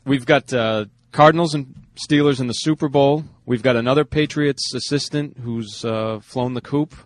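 Brief: male sports radio co-host, dry teasing banter, mid pitch, close dry sound. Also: moderate pace, no echo. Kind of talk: casual sports talk.

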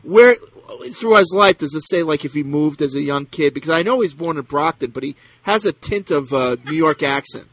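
A man's voice: fairly high pitch, animated, moderate pace, few pauses, fairly bright tone, no room sound. A man hosting a sports talk radio show, chatting casually and agreeably with callers and co-hosts.

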